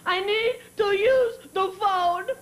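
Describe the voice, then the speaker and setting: A woman's voice: extremely high pitch, slow, voice pushed up. A woman voicing a crying, demanding six-year-old girl in a stand-up comedy bit. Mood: sobbing. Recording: comedy club with loud crowd noise.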